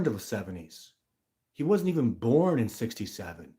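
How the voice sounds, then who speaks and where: A man from Canada hosts a live stream and answers viewer comments as they come in. He talks freely in a blunt, emphatic way, and his voice sits at a middle pitch for a man. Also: big pitch swings, normal speed, mellow. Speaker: livestream host.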